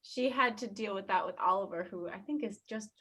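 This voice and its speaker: A woman's voice: mid-range voice, fairly bright tone. A young woman, married into the family, chatting casually and laughing often. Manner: giggly, chatty, quick to laugh. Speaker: daughter-in-law.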